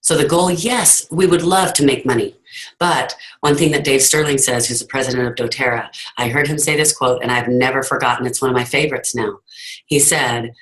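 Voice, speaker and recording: A woman's voice: rumbling low, a little fast, fairly bright tone, poor audio. A woman giving an earnest, emphatic motivational talk over a video call, telling her story to her team. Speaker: team leader hosting a call.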